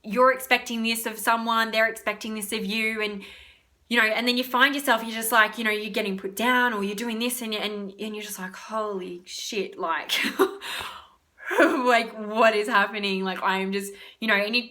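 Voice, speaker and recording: A woman's voice: fairly high pitch, steady tone, fairly quick, pushed and bright. A young woman chatting casually about self-love, rambling with lots of fillers and free swearing. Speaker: spiritual wellness vlogger. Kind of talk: casual self-help talk.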